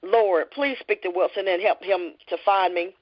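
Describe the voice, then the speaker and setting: A woman's voice: medium pitch, normal speed, lo-fi sound, natural voice. A woman voicing a frightened young captive woman, pleading, in a book reading.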